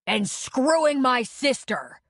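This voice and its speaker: Woman doing a furious man, nasal, broken nose, yelling, threatening. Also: medium pitch, lively intonation, a little slow, dry recording, studio quality.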